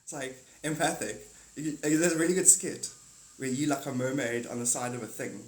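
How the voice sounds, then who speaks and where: Laughing often, a man rambles through a spiritual monologue on a live stream, breaking into small acted-out skits. His voice is medium-pitched at a moderate pace, with a roomy echo.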